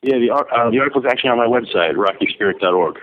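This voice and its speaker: A man in his fifties from New York, a guest telling stories in a friendly, relaxed way during a phone interview. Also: mid-range voice, rapid-fire, a little hiss or hum. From New York, USA. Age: 50s. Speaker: author and guest. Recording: tinny phone line.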